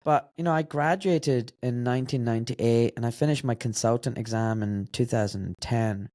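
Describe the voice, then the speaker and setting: A man's voice: medium pitch, normal speed, darkish tone, no echo. Glaswegian man, forties, podcast guest; blunt, direct delivery, dry close-up sound. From Scotland. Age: 40s. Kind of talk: casual interview conversation.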